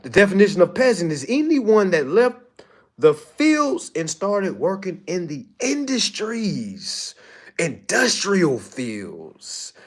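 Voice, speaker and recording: Blunt, animated man with a lively voice. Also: sits high, slow. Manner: blunt, profane, animated, repeats "all right?". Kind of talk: casual motivational monologue.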